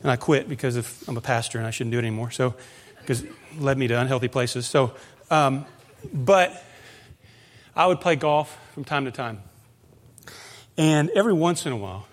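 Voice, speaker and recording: A male pastor preaching a conversational sermon, moving into animated storytelling. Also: mid-range voice, moderate pace.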